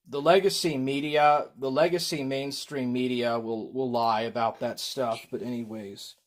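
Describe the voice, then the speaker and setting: Slow, rambling male streamer. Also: mid-range voice, fairly even intonation. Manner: rambling, slow, with frequent ums. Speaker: livestreamer. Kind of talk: casual livestream chat.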